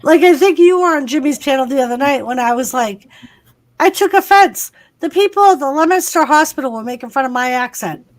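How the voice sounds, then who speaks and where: A woman's voice: high-pitched, lively intonation, a little fast. A woman with a Massachusetts accent, hosting a casual livestream chat, talking freely and swearing often. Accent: Massachusetts, Lowell. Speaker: host.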